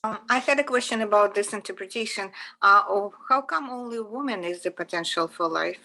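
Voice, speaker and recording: Hesitant woman with a gravelly, bright voice. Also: medium pitch, fairly quick, rough recording. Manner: hesitant with fillers. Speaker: student asking a question. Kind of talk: class question.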